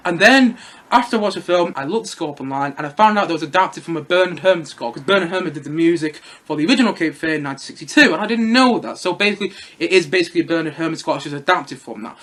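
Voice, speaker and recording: A man's voice: fairly high pitch, animated, racing, fairly bright tone. A man giving a casual, enthusiastic film review, rambling and repeating himself.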